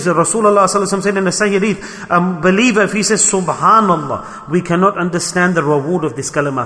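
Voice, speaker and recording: A man's voice: high-pitched, sharp tone, big-room sound. A man preaching a sermon to his congregation, asking rhetorical questions and acting out the complaints of others.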